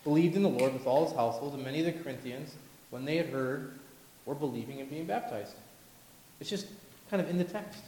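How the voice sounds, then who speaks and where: A man preaching a sermon with animated delivery, acting out the voices of people he quotes. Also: a little high, brisk, slight background noise. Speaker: pastor. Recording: echoey hall with long reverb.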